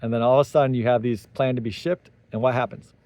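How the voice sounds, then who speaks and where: A man's voice: mid-range voice, steady tone, quick pace, dry recording, dull audio. A man hosting a solo tech commentary, talking animatedly with sarcastic asides and tangents. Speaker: tech commentary channel host.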